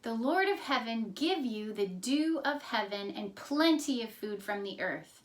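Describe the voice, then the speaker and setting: A solemn old blind patriarch, voiced by a woman teacher speaks slowly and gravely. His pitch sits a little high. He weighs each word of his blessing. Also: sing-song, distant mic. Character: aging blind father patriarch, solemn and shaken.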